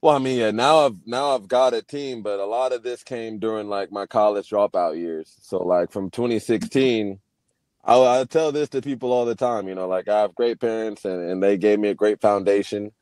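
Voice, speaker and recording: A man's voice: on the low side, normal speed, a little mellow, no echo. A young man, a guest on a video call, talking candidly and reflectively, often restarting his sentences. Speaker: guest, Paralympic swimmer. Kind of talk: casual interview over video call.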